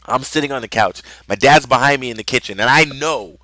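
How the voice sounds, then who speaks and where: A man's voice: medium pitch, brisk, sharp tone. A young man telling a personal story in a rambling, conversational way, with lots of fillers. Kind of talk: casual storytelling vlog.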